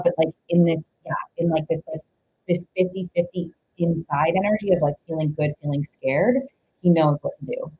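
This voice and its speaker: A woman with a low, deep-set voice gives a tarot reading on a live stream. She rambles, leans heavily on "like," and breaks off to greet viewers. The audio is dull and lo-fi, with a faint hiss underneath. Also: fairly even intonation, normal speed. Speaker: tarot reader.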